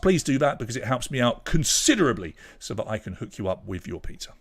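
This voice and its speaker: A young British quizmaster runs an online pub quiz live, loosely chatting as he calls out names and scores and trailing off when he forgets a name. He speaks fast at a medium pitch in a sing-song way, and the recording is very noisy.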